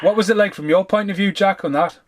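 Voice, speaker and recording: A man's voice: sits high, fast talker, a little hiss or hum. A man co-hosting a casual reunion podcast, telling sweary stories and laughing as he goes. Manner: laughing storyteller, sweary and animated. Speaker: podcast co-host.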